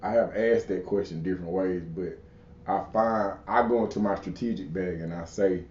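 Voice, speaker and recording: A man's voice: sits low, normal speed, a little mellow, echoey room, lo-fi sound. A man hosting an interview, laid-back and slangy, often affirming his guest. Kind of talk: casual interview chat.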